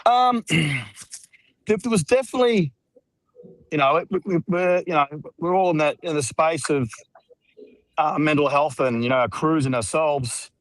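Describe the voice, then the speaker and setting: A man's voice: on the high side, unhurried, pauses often, no room sound, poor audio. A man with an Australian accent chatting laid-back and rambling on a video call while out walking. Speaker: regular guest. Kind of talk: casual video call chat. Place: outdoors, walking.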